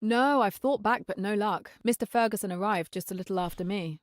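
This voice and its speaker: A woman's voice: medium pitch, brisk, no room sound, studio quality, lightly acted. A woman voicing a diligent, polite young assistant in a video game, answering questions earnestly.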